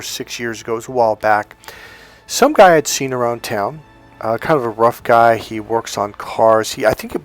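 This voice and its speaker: A medium-pitched man from the San Francisco Bay Area, working as a self-help coach, delivers a casual, rambling opinion monologue. He acts out the voices of the people he quotes.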